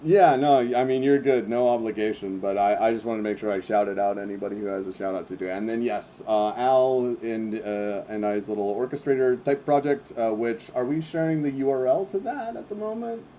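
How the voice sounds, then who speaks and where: A man's voice: medium pitch, a little fast, hardly any pauses, mellow, slight background noise. A man hosting a casual livestream meetup, wrapping up in a loose, rambling way with lots of fillers and slang. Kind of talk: casual livestream wrap-up chat.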